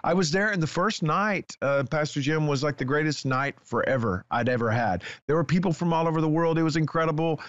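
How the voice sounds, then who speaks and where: A man, a guest author telling a lively personal testimony and acting out the dialogue. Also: on the high side, fairly quick, few pauses, dry recording, dull audio. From Texas. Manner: excitable storyteller, acts out dialogue.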